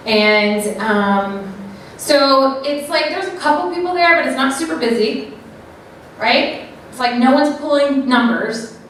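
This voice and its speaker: A woman giving a live talk to an audience, animated, acting out little quoted voices and often checking in with the crowd. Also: sits high, unhurried. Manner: animated, acts out quoted voices, keeps asking "right?". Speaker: speaker at an event. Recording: very echoey room, mic far off, faint noise.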